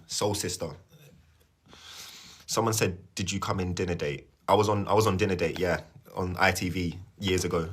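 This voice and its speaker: Husky man leading a prayer. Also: low-pitched, fairly even intonation, moderate pace, long pauses, a bit bright. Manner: earnest, rambling, repeats himself and checks in with "yeah?". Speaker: spiritual livestream host. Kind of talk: live-stream prayer reading and chat.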